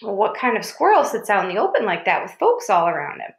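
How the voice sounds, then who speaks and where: A woman's voice: mid-range voice, big pitch swings, fast talker. A woman voicing a talkative, friendly country boy with an Arkansas drawl. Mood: eager. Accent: Southern US (Arkansas). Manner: rural drawl, eager chatter. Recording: roomy echo.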